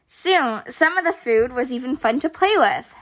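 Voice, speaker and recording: A woman hosting a children's story podcast, reading aloud in a gentle, expressive way. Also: sits high, moderate pace. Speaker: host, storyteller.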